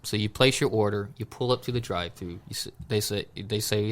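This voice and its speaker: A man chatting casually on a podcast, telling animated stories and calling his friends "dude" and "bro". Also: fairly low pitch, fast, few pauses. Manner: animated storytelling, acts out quoted exchanges; says "dude" and "bro" a lot. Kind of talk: casual chat.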